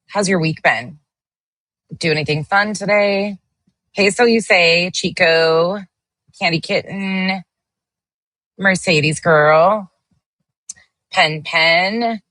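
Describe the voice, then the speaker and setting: A woman's voice: on the low side, animated, takes it slowly, pauses often, a bit bright, no room sound. A woman hosting a casual livestream, greeting viewers by name as she reads the chat and speaking bluntly, with the occasional swear. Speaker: livestream host.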